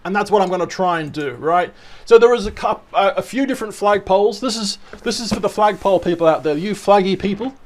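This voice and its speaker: A man's voice: sits high, fast talker, slight background noise. An Australian man vlogging casually, chatty and showing things off, often tagging his sentences with "right?" and "okay?". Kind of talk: casual show-and-tell vlog.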